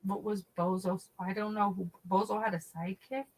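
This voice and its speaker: Hosting a casual stream and reading her chat, a middle-aged woman tells an amusing story in a mid-range voice at a moderate pace. She's animated, swearing and cracking up mid-sentence, and the recording sounds rough.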